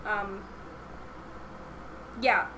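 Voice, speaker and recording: A woman's voice: mid-range voice, steady tone, very slow, background noise. A young woman co-hosting a podcast in casual chat, enthusiastic and laughing often. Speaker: podcast co-host.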